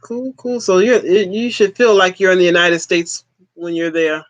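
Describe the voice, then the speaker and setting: A livestream host in their forties, chatting in a relaxed, easygoing way. They chuckle often and toss out short, repeated replies. The sound is close and dry, with no room echo. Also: medium pitch, normal speed, highs cut off. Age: 40s. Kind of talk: casual livestream chat.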